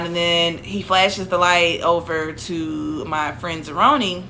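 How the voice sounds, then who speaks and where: A woman's voice: on the low side, fairly even intonation, normal speed, hardly any pauses, pushed and bright, slight background noise. A young woman casually telling a personal story, rambling with restarts and asides.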